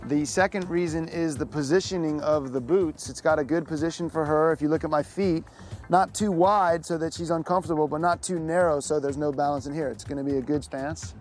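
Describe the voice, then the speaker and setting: A man's voice: fairly high pitch, fairly even intonation, fairly quick, darkish tone. A man coaching wakeboarding, explaining equipment step by step in a friendly way. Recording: background music.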